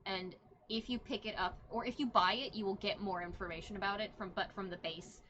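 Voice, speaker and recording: A woman narrates a tabletop game as game master, casual and chatty. Her voice sits in a middle pitch. A faint hiss of background noise runs under the recording. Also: fairly even intonation, a little fast, bright, forceful tone, highs cut off.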